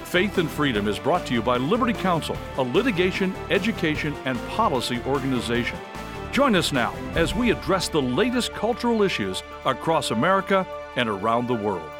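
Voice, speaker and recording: Lively male announcer over music. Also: a little high, fairly quick. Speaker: show announcer. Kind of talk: scripted show intro.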